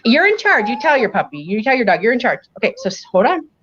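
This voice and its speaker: A professional dog groomer with a Western New York accent gives an animated, chatty grooming demo, asking "okay?" as she works. Her voice is a little high and fast, and the dull lo-fi recording carries a slight hiss or hum.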